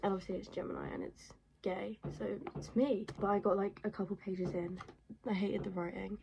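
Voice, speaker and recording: A woman's voice: medium pitch, fairly even intonation, brisk, creaky, noisy background. A woman chatting casually and bluntly in her bedroom as she reviews books she has read, rambling as she goes. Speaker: book vlogger. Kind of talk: casual book review chat.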